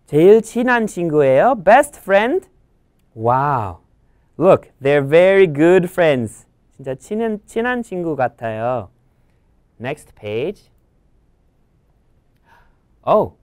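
Woman teacher reading to kids, gaspy and animated, lower pitch. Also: dry recording, studio quality. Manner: animated, gasping, bilingual explaining. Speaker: English teacher. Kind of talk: reading a picture book aloud for children.

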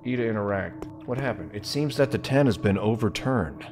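A man's voice: on the low side, fairly quick, music in the background. A man hosting a let's-play video, giving joking, sarcastic commentary as he plays. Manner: animated, joking, sarcastic asides. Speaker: gaming video host.

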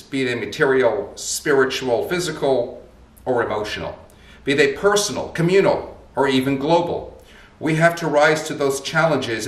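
Emphatic rabbi, roomy distant sound. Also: male voice, mid-range voice. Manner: emphatic, rhetorical. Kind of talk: short sermon address.

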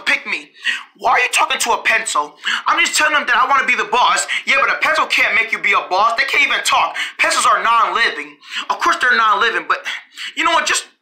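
A storyteller acting out an improvised toy play, switching quickly between bossy and whiny character voices and giggling through lines. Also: medium pitch, expressive, pushed and bright. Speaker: storyteller voicing every character.

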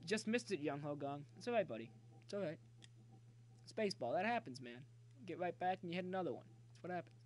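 A man streaming a baseball video game, talking chattily to viewers and yelling excitedly at the plays. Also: fairly high pitch, quick pace, a little hiss or hum. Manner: excitable, cheers and yells at the game; talkative, jokey banter with viewers. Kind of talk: live gameplay commentary.

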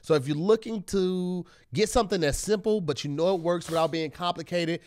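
A man co-hosting a comedy podcast, talking casually and reading an ad, animated and often laughing. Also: fairly quick. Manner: animated, acts out quotes in high voices, laughs often. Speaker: podcast co-host. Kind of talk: casual comedic chat and host-read ad.

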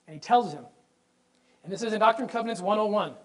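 A man's voice: sits high, quick pace, poor audio. Male presenter, fervent religious history lecture, emphatic, rhetorical questions to the room, stumbles into repeats when fired up. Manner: repeats words when excited.

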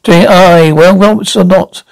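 A man's voice: high-pitched, fairly even intonation, moderate pace, vocal fry, dry recording, low-quality recording. A man voicing a nervous young man on the run, stammering and anxious.

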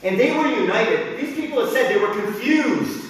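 A middle-aged man preaching a sermon as pastor, animated and bursting into shouts when he acts out crowds and drill sergeants. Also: very high-pitched, moderate pace. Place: church sanctuary. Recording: echoey hall, mic from a distance.

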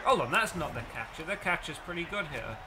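An English man narrates his own baseball video game match, excitable and cocky, talking to himself as he plays. His voice sits a little high and swings widely in pitch. Clear game noise sits under his commentary. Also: quick pace. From England. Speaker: let's play gamer. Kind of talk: live gameplay commentary.

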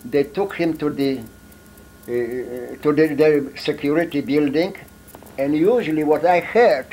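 A man's voice: fairly high pitch, darkish tone, a little hiss or hum, poor audio. Elderly Polish man telling war stories. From Poland. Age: 80s. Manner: halting, broken English with many fillers. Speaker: war veteran interviewee. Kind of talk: storytelling in an interview.

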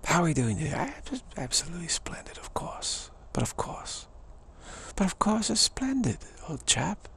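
Man putting on a high chipper posh Englishman. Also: sing-song, moderate pace, gravelly, a bit bright, whispered, full character voice. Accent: posh British put on. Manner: chipper, dismissive of trouble. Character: cheery posh upper-class Englishman, breezy.

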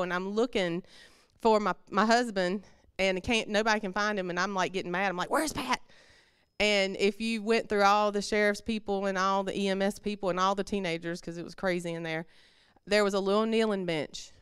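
A woman's voice: mid-range voice, a bit bright, smooth, dry recording, clean studio sound. Woman sharing a heartfelt testimony. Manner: conversational, heartfelt storytelling with fillers. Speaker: church member giving testimony. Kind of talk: personal testimony in a church service.

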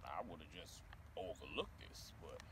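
An actor playing a loud, bossy football coach in a web series, barking orders in folksy slang. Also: male voice, rumbling low, expressive, unhurried, distant mic, noisy background, exaggerated voice. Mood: stern.

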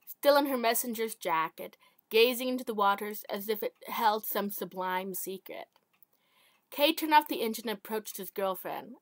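A woman's voice: on the high side, a bit bright, dry recording. A woman reading her own short story aloud, stumbling over words and correcting herself. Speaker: amateur author.

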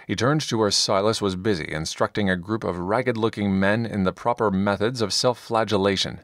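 A man narrating a fantasy audiobook in steady, measured scripted narration on a close studio mic. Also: fairly low pitch, dry recording.

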